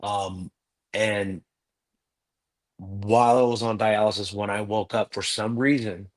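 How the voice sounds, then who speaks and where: A man's voice: on the low side, fairly even intonation, slow pace. A man telling a personal story earnestly as a guest in a live interview.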